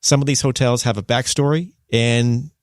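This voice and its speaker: A man hosting a radio interview, chatty and joking, with quick asides. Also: medium pitch, fairly even intonation, no echo, studio quality. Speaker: radio host. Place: radio studio.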